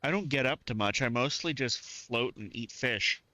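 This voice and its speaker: A man's voice: mid-range voice, moderate pace, sharp tone, no room sound. A man from the southern United States chatting and reacting aloud as he streams live gameplay, keeping a mostly neutral way of speaking.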